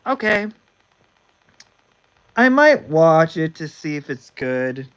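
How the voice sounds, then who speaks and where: Speaking slowly but very animatedly, a young man hosting a livestream chats casually in a medium-pitched, slightly bright and smooth voice over a rough recording. He rambles, stopping and starting and often restarting his sentences.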